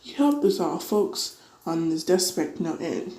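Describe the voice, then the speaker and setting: A woman's voice: lowish voice, sing-song, unhurried, dark tone, reverberant, low-quality recording. A woman voicing a tiny, grateful male mayor in a piping, polite voice.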